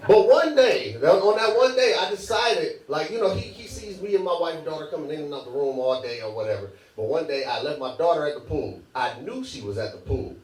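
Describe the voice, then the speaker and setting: A man's voice: a little high, lively intonation, brisk, few pauses. A man doing a stand-up comedy set on a club stage, loose and chatty, laughing at his own jokes. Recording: echoey club, mic at a distance, crowd.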